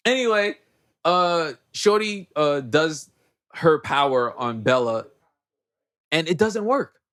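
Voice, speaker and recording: A man's voice: on the high side, expressive, slow pace, fairly bright tone. A young man casually recapping a movie on a podcast, acting out the characters and laughing as he goes. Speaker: podcast host.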